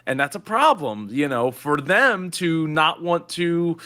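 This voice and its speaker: Man, earnest casual chat, bright tense voice, slightly high. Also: animated, a little slow.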